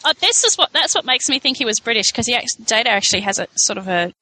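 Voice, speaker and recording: A woman's voice: on the high side, very animated, quick pace, bright, forceful tone, rough recording. A woman chatting in a casual fan commentary podcast, stumbling over restarts and giggling. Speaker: podcast co-host.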